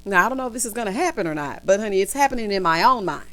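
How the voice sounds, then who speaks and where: Sassy, animated woman recapping TV. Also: medium pitch, racing. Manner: sassy, playful, full of asides. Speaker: TV recap vlogger. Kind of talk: casual chatty review.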